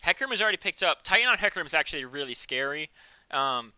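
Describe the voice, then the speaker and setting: Bright, playful young-sounding male caster. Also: on the high side, clear, resonant tone, no echo. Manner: joking, excitable, fast analytical patter. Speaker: esports caster. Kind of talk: live esports commentary.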